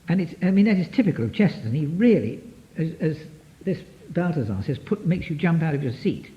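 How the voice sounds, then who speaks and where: Male therapist lecturer, animated and rambling, on a dull archive recording. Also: fairly high pitch, fairly quick. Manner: lively, digressive, many restarts, taps out rhythms. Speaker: psychotherapist giving a lecture. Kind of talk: lecture to an audience.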